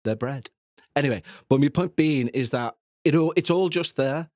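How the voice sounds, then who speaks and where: A man's voice: a little high, moderate pace, darkish tone, dry recording, clean studio sound. A man in his forties hosting a podcast, rambling through a casual review with jokey, self-deprecating asides. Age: 40s. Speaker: podcast host.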